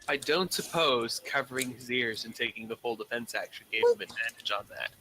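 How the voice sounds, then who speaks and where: A man with a bright voice speaks as a player at a tabletop game. He makes dry, wry remarks in a casual way. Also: medium pitch, fairly quick, a little hiss or hum, low-quality recording.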